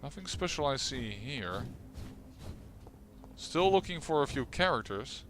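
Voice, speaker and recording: In this let's play, a man talks over faint game music as he plays, cracking wry jokes at his own expense. His mid-range voice is very animated and a bit bright, and he takes his time.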